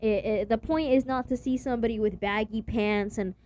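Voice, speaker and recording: A young woman talks straight to her viewers in a rambling, slang-heavy rant, swearing freely. Her voice sits a little high, with a faint hiss of noise behind it. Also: steady tone, fairly quick, darkish tone. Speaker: vlogger. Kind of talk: casual profane rant to camera.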